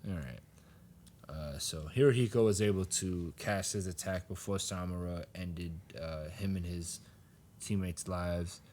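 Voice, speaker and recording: Low-voiced man recapping a story. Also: a little slow, slight background noise. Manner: animated, laughing, acts out character lines. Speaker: podcast co-host. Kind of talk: casual chat recapping a manga chapter.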